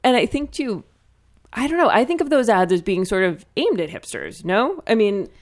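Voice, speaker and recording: A woman's voice: mid-range voice, sing-song, moderate pace. A woman in a casual podcast chat, thinking aloud and hedging with "sort of". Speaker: podcast co-host.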